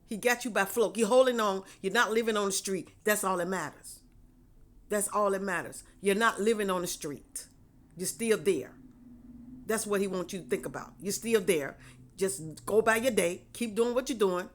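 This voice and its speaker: A woman's voice: mid-range voice, normal speed. Woman giving repetitive faith encouragement. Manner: repetitive, preachy, conversational. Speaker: faith vlogger. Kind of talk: casual spoken encouragement.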